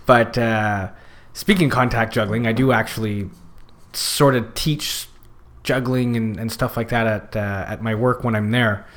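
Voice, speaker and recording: A man chatting as a podcast guest, his voice pitched in the middle. He rambles through his points with plenty of fillers and false starts, in a loose conversational way. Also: steady tone, a little slow, fairly bright tone. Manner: rambling, many fillers and restarts. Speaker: podcast guest, youth circus worker. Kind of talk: casual chat.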